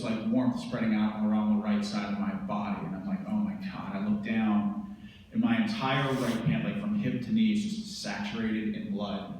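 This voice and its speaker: A man's voice: mid-range voice, darkish tone, recorded from a distance, slight background noise. A man from the United States, a veteran speaker, intensely and vividly retelling a personal story. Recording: roomy hall from afar.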